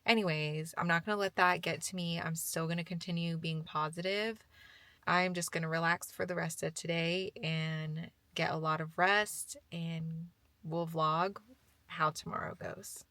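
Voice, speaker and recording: A young woman talks to her viewers in a relaxed vlog. Her voice is bright and ringing. She tells stories in a chatty, animated way and swears casually. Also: fairly low pitch, a little slow, dry recording. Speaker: vlogger.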